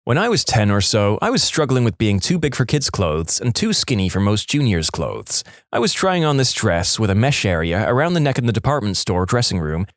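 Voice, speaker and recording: Animated male story narrator, dry close mic. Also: mid-range voice, no room sound. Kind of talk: reading submitted stories aloud.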